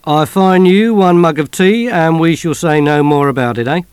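A man's voice: fairly high pitch, normal speed, clean tone, dry recording, pitched above the performer's own voice, lightly acted. A man voicing a folksy, kindly police sergeant in an audiobook. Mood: jovial. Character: genial middle-aged police sergeant.

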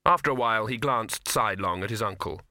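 A man reading a novel aloud in a measured, wry storytelling manner, close to a studio mic. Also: fairly low pitch, bright, forceful tone, dry recording. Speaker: audiobook narrator. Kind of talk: scripted narration.

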